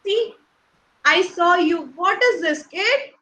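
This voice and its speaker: A woman's voice: very high voice, slow pace, bright, forceful tone, poor audio. A young woman with an Indian English accent teaching small children in an online class, playful and coaxing, asking lots of questions and laughing often. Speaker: nursery teacher.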